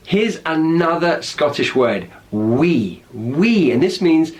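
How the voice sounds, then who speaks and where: A British man with a British accent explains slang words one by one, upbeat and explanatory. His voice sits a little on the high side. He keeps checking in with his listeners, asking "right?" after his points. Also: sing-song, takes it slowly, darkish tone, slight background noise. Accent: British English. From Britain. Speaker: English slang teacher.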